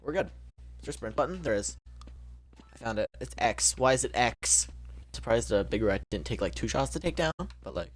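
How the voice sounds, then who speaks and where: A young man streams a game and talks through it casually, cracking jokes and blurting out reactions. His pitch swings widely and stays animated throughout. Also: normal speed, slight background noise. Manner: jokey, exclaiming, talking to himself. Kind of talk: casual gameplay commentary.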